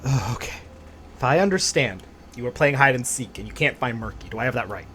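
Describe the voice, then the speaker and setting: A weary doctor talks sternly to a group of children, as a man reads him out. His voice is mid-pitched with a lively range. He sounds exasperated. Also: a little fast, slight background noise, natural voice.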